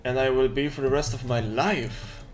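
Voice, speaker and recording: A man's voice: medium pitch, steady tone, normal speed, soft background music. A man working on a game on stream, trading dry, teasing banter. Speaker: indie game developer. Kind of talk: casual chat on a dev stream.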